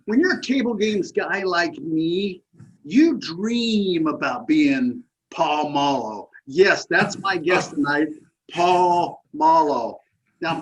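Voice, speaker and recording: Animated, high-voiced male interview host. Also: slight background noise, poor audio. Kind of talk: casual interview.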